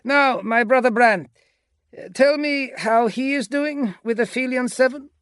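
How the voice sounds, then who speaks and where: A man voicing a giant armored warrior commander who barks orders in a raised, forceful voice for an audiobook. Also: extremely high pitch, measured pace, smooth, no echo, voice pushed up. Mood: brisk. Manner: barking orders.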